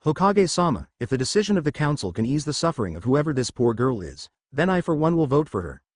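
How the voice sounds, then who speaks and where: A man's voice: fairly high pitch, very animated, fast talker, darkish tone, no room sound, clean studio sound. A man reading the lines of a heavyset male merchant on a council. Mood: pleading.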